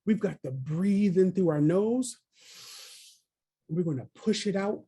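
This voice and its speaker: Gravelly-voiced man leading a webinar. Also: sits high, animated, a little slow, dark tone. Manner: encouraging, coaxes listeners by name. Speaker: early childhood trainer. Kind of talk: webinar presentation. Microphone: video call.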